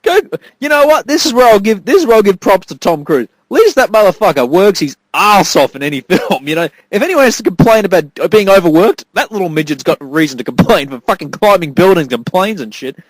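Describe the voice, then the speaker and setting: Podcast host, male: fairly high, lively voice, wry and laughing, dry close sound. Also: fairly quick, hardly any pauses, no room sound, low-quality recording. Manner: chuckling, wry, profane. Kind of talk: casual movie review chat.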